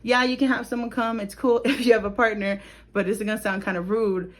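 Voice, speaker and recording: A woman's voice: a little high, fairly even intonation, fairly quick. A young woman giving a casual tarot reading to camera, chatty and laughing often, often checking in with "okay?". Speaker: tarot reader.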